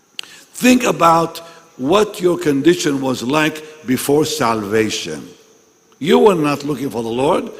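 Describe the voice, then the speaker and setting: Slow preacher with a strained voice in a hall. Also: male voice, a little high. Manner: swings from loud calls to hushed, breathy asides. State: recovering from a lost voice. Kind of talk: sermon to pastors. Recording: long hall reverb.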